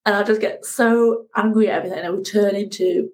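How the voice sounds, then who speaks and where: A woman, a guest telling her ocean rowing story in a lively conversational way. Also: mid-range voice, fast talker, rough recording. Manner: animated, acts out shouting at the sea.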